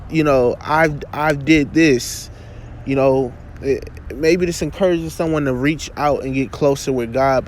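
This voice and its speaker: A man giving an earnest, preacherly spoken reflection outdoors, halting and restarting as he talks. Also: medium pitch, slight background noise. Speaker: vlogger.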